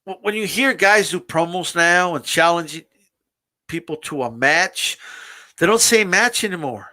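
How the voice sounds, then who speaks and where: Bright, high-pitched male streamer host, loose and animated, swears freely. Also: a little slow. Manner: animated, repetitive restarts, swears casually. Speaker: streamer hosting a live wrestling talk. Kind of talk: casual ranting commentary.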